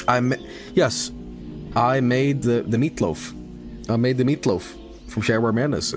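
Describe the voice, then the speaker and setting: A man streaming a game, chatting casually and rambling through a story, swearing and laughing loudly. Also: mid-range voice, unhurried, long pauses, music in the background. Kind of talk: casual live-stream chat while gaming.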